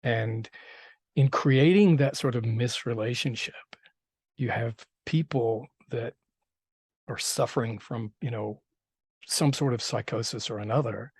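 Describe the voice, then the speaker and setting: A man's voice: medium pitch, unhurried, darkish tone, breathy edge, dry recording. Rambling man director, dry sound. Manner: rambling, frequent restarts and fillers. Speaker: film director. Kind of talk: casual interview storytelling. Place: interview set.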